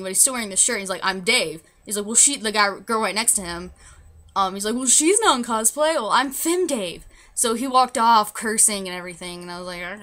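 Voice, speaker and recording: A woman's voice: mid-range voice, sharp tone. A young woman telling a story to camera in a casual vlog, rambling with many restarts and fillers. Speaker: vlogger.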